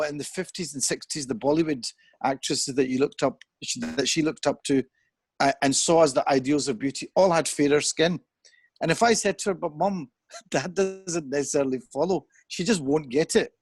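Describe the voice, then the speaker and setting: This chat show guest, a man in his fifties, has a fairly high-pitched voice and is recorded with no echo. Earnest and reflective, he thinks aloud about his views in a conversational discussion, seemingly over a video call.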